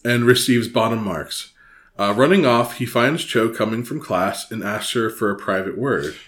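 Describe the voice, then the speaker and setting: A man's voice: on the low side, normal speed, fairly bright tone. A man co-hosting a podcast, summarizing book chapters in casual chat, earnest with hesitant restarts. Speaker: podcast co-host.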